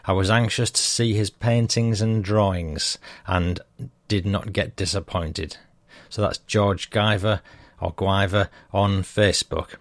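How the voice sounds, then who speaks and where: A middle-aged man hosts a podcast and reads out listener messages in a relaxed, chatty manner. His voice sits low. The recording is dry and close, with no room sound. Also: a little slow, dry recording. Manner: easygoing, chatty, self-deprecating. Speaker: podcast host. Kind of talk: reading listener messages aloud.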